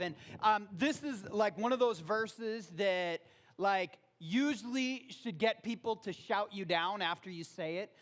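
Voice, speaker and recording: A man preaching a sermon in a church, talking casually and rising loud on quoted verses. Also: sits high. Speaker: pastor. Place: church auditorium.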